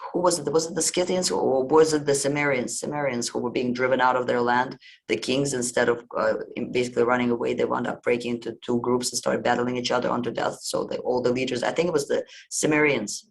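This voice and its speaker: Male podcast host, gravelly voice, casual meandering storyteller. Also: medium pitch, steady tone, quick pace, poor audio. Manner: conversational, meandering retelling.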